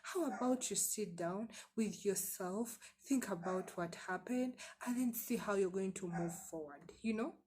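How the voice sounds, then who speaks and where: A woman's voice: medium pitch, measured pace, few pauses, darkish tone, slight background noise. A woman vlogger telling her personal story to camera in a candid, emphatic way, often repeating words and asking rhetorical questions.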